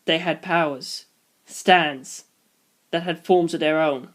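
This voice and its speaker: A man giving a dramatic reading of a novel, doing loud voices for the characters. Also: on the high side, fairly even intonation, takes it slowly. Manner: switches into shouted character voices. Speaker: reader.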